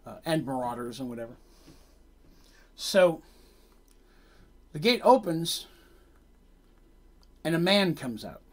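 Game master guy rambling through a session recap, lots of ums, lively. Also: a little high, slow pace, pauses often. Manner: rambling, filler-heavy storytelling. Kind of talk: recounting a tabletop game session.

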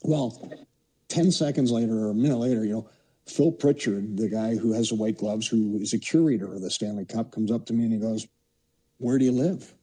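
A low-voiced man in his sixties from Canada tells long, rambling stories as a podcast guest. His tone is dark and mellow, with a husky grain, and he fills his sentences with "you know". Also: fairly even intonation, brisk, poor audio. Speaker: podcast guest, former hockey player. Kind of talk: casual storytelling.

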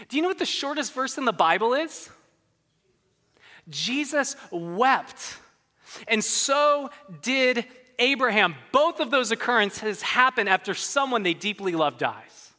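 A pastor preaching a sermon in a church, earnest and conversational, with quick asides and stumbling restarts. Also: medium pitch, bright, forceful tone, in a large hall.

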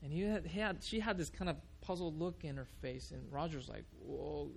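A male pastor preaching a sermon, telling a story in an animated way and often restarting his sentences. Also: on the high side, a little fast, gravelly.

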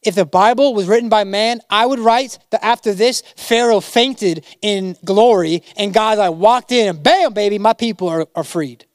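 A man's voice: sits high, moderate pace, few pauses, no echo, clean studio sound. A man preaching a sermon as a pastor, dramatically acting out biblical figures in casual modern speech.

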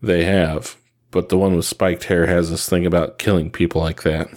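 A man's voice: low-pitched, level tone, moderate pace, a little mellow, lightly acted. A man voicing a blunt, hard-edged young male swordsman in a read-aloud story, curt and defiant.

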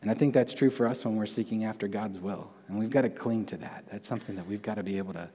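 A young adult man giving a sermon in a relaxed, conversational way, often restarting his sentences and adding asides. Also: fairly low pitch, fast, husky. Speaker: preacher. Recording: long hall reverb.

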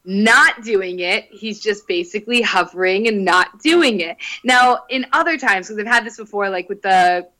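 A young woman in casual chat, telling an animated story, laughing and swearing freely. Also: medium pitch, normal speed, few pauses, poor audio.

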